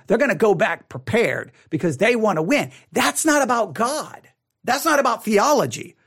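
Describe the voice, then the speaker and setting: A man who is a pastor, teaching a Bible study in an animated way, often repeating and restarting his words. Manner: animated, acts out quoted people with rising pitch.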